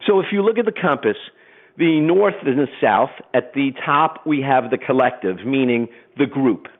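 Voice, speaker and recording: A middle-aged man giving a webinar presentation, telling stories in an animated way and acting out voices. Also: mid-range voice, moderate pace. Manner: animated storyteller, acts out voices. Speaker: program presenter. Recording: phone-like webinar audio.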